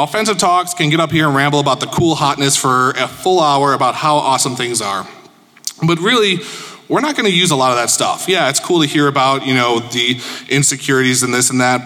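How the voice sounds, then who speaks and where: A man's voice: medium pitch, sharp tone. A man from Chicago giving a casual, joking conference presentation to an audience, informal and self-deprecating. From Chicago, USA. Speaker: conference speaker. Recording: echoey conference hall.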